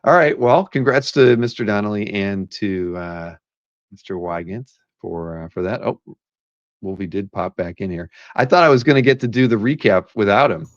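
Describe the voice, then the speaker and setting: A man's voice: fairly low pitch, normal speed, no room sound, muffled recording. A man hosting a live art-sale stream, chatting casually and rambling with many restarts.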